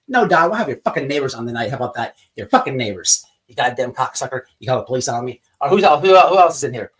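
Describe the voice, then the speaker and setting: A man's voice: mid-range voice, fast talker, hardly any pauses, distant mic. A man hosting a casual livestream, telling stories in a rambling, profane way and greeting people in the chat. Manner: animated, profane, rambling storyteller. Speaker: livestream host.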